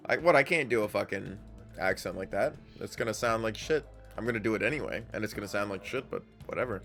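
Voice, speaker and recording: A man's voice: lowish voice, fairly quick, a bit bright. A young man streaming a video game live, reading its text aloud with casual, profane asides. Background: faint game music.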